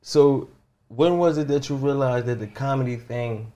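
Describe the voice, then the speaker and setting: A man interviewing a guest in casual chat, relaxed, with short reactions. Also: medium pitch, normal speed.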